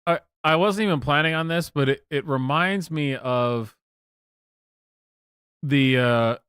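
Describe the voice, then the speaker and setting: A man's voice: on the high side, slow, a bit bright, clear, resonant tone, no room sound, clean studio sound. A man streaming live, rambling through profane commentary with many fillers and restarts. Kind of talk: casual livestream commentary.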